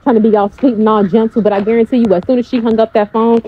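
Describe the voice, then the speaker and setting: Blunt husky woman telling a story. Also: a little high, fast talker, highs cut off. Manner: blunt, animated, swears freely. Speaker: coach. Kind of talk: casual storytelling vlog.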